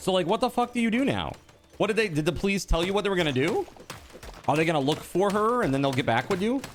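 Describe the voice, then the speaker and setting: This man's voice sits high, and he talks fast with slight background noise as he streams from home. He chats casually, meets viewers' comments with animated disbelief, and swears offhandedly.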